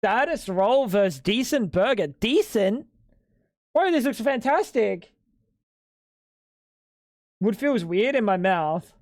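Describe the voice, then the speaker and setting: A man's voice: high voice, expressive, slow pace, long pauses, no echo, studio quality. A young man streaming live at home, bantering with chat in a crude, joking way. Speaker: livestreamer.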